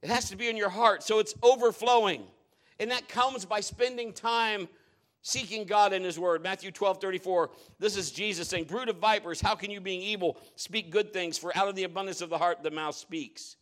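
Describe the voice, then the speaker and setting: A middle-aged man preaches with a fairly high voice. He swings between ringing, emphatic declarations and soft, hushed asides, in the steady flow of a sermon. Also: moderate pace. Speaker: pastor.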